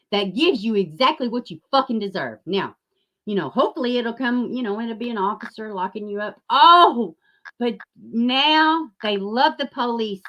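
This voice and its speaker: Angry, sarcastic woman ranting. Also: fairly high pitch. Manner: angry, profane, sarcastic, swings between loud outbursts and mocking asides; drops into a mocking whisper. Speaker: YouTube commentary host. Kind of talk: ranting commentary.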